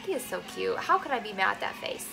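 A young woman talking casually while cooking at home, animated and swearing freely as she asks her viewers "okay?" all the time. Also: medium pitch, fast, creaky, over music, low-quality recording. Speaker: cooking vlogger. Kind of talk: casual chatty cooking vlog.

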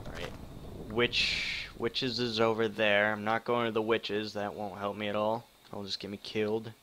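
A young man from Wisconsin giving excitable live commentary on a hard survival game, swearing often and greeting chat viewers. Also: fairly low pitch, normal speed, slight background noise. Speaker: game streamer.

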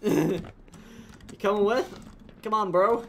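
A woman streamer giving casual gameplay commentary, laughing, swearing and reacting loudly. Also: fairly low pitch, expressive, a little slow, a little hiss or hum.

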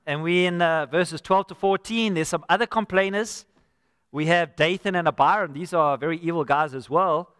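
A man's voice: a little high, moderate pace, a bit bright, smooth, studio quality. A man preaching a live sermon as pastor, earnest and conversational, often addressing listeners as friend. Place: church sanctuary. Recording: church hall with long reverb.

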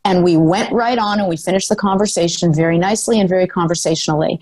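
A woman's voice: lowish voice, fast, a little mellow, breathy edge, no echo, low-quality recording. An older woman telling a story in a podcast interview, articulate and emphatic, speaking self-assuredly into a close mic. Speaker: guest, former sports executive.

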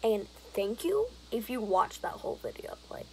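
A woman's voice: fairly high pitch, sing-song, fairly quick, vocal fry, hardly any pauses, mellow, a little hiss or hum, rough recording. A young woman, vlogging in a giggly, rambling, apologetic way. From Alberta, Canada. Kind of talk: rambling casual vlog chat.

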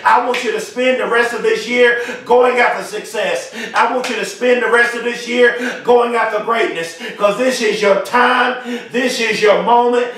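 Emphatic man shouting motivational affirmations. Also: very high-pitched, steady tone, moderate pace, a little hiss or hum. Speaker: motivational speaker. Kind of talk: motivational speech. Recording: very echoey, far from the mic.

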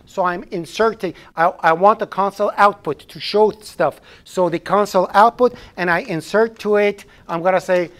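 A man's voice: high voice, normal speed, few pauses, a bit bright. Guy teaching a coding class, rambly, repeats himself, cracks little jokes, live classroom. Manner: chatty, repeats and restarts phrases, joking asides. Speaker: programming instructor.

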